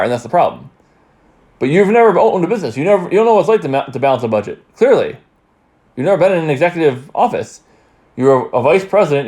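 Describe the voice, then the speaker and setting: A man's voice: mid-range voice, a little mellow. A man hosting a political commentary podcast, talking in a rambling, heated way and repeating himself. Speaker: podcast host.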